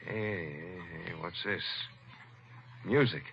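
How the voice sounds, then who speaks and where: A man's voice: low-pitched, slow, a little hiss or hum. An actor playing a tough, terse city detective who narrates his own case in 1940s radio drama style, with clipped tough-guy delivery. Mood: tense. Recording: dull lo-fi 1940s radio recording.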